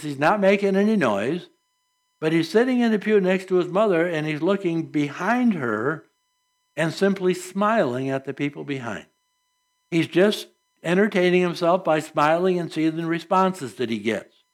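Earnest preaching man, fairly high voice. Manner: earnest, conversational preaching with rhetorical questions. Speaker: pastor. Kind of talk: sermon.

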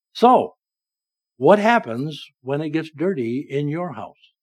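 Male pastor, slightly raised pitch, dynamic sermon delivery, church setting. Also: animated, unhurried. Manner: dynamic preaching, swings between loud emphasis and soft low lines. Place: church sanctuary.

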